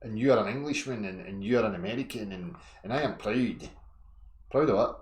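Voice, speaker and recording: A man's voice: on the low side, a little fast, echoey room, slight background noise. A Scottish man hosting an online video hangout, ranting at a guest in a heated, profane argument full of insults. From Scotland.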